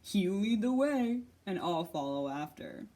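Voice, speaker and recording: A woman voicing a huge gruff male forest monster in a children's storybook reading, with a low growling voice and slow, heavy, menacing delivery. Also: animated, mellow, close to an everyday voice. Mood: amused.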